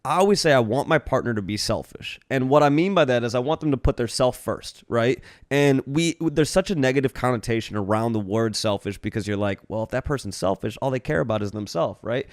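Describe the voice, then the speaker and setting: A man's voice: medium pitch, a little fast, few pauses, dry recording, clean studio sound. A man co-hosting a casual podcast, talking through his ideas at length and checking in with "right?" as he goes. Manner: rambling, explanatory, lots of "right?". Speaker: podcast co-host. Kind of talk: casual chat.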